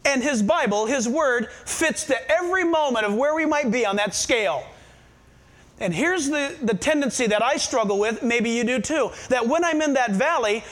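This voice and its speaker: A man's voice: very high-pitched, expressive, moderate pace, a bit bright. A middle-aged man, preaching a sermon and asking the congregation questions. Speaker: pastor.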